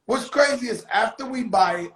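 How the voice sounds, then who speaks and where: A man hosting his own live stream, telling a story in a casual, animated and profane way, with sudden shouted bursts. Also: very high voice, normal speed, echoey room, rough recording. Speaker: livestream host telling a story. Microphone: phone on a live stream.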